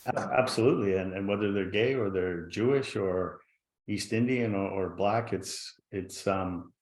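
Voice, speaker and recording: Appearing as a guest on a virtual panel, a man shares a personal story earnestly and reflectively over a video call. He speaks at a normal pace in a lowish voice, and the audio has a roomy echo.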